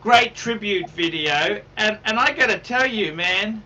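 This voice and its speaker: A man's voice: sits high, expressive, unhurried, bright, forceful tone, recorded from a distance, lo-fi sound. A man hosting a livestream in casual chat, rambling, repeating himself and swearing. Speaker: livestream host.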